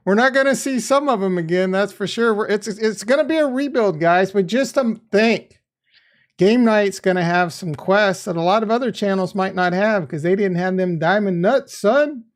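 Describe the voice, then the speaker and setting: A man's voice: high-pitched, moderate pace. Hyped-up guy streaming a crypto game, laughs a lot, rambles and swears. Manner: excitable, laughs often, swears casually; rambling, thinks aloud. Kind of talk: live stream commentary.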